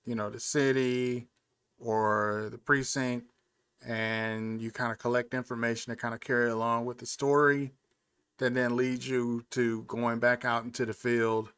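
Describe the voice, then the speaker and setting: A man talking through a video game walkthrough in a loose, rambling way. He fills his speech with ums and likes. His voice sits at a middle pitch. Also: fairly bright tone, smooth. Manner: laid-back, rambling, full of fillers. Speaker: gaming channel host. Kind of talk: casual gameplay commentary.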